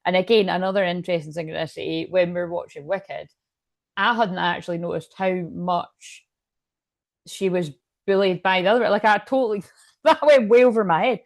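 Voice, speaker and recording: A woman's voice: fairly low pitch, normal speed, creaky, no echo, studio quality. A middle-aged woman giving a casual, meandering tarot reading, chatty and full of asides. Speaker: tarot reader.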